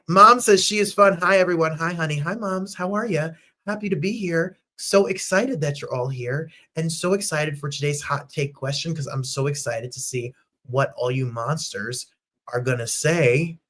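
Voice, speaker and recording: A man in his thirties from New Jersey hosting a lively live-stream chat show, gushing and bubbly, sometimes jumping into falsetto squeals and bits of song. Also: moderate pace. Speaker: host.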